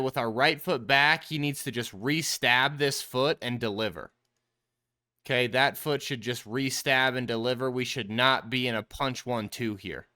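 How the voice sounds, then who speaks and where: A quarterback trainer who hosts a quarterback show casually breaks down football film like a coach, explaining each play step by step and calling his viewers the team. His mid-range voice is pushed and bright, clear and resonant.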